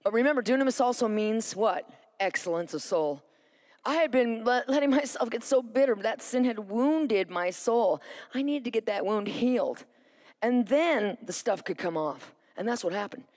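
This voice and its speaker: Animated woman preaching a testimony. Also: fairly high pitch, moderate pace. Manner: animated storytelling, acts out her own quoted thoughts; asks the audience for responses. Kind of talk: sermon with personal testimony.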